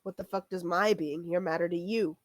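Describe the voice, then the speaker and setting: A woman's voice: on the low side, steady tone, fairly quick, dry recording, lightly acted. A woman voicing a surly, defiant young woman who answers with cold taunts in a tabletop game.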